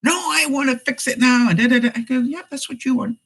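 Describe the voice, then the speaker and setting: A woman's voice: sits high, a little fast, creaky, fairly bright tone, breathy edge, low-quality recording. A middle-aged woman vlogger giving life advice in a live chat, telling stories, acting out quoted lines and laughing often. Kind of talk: live-stream chat, reading viewer comments.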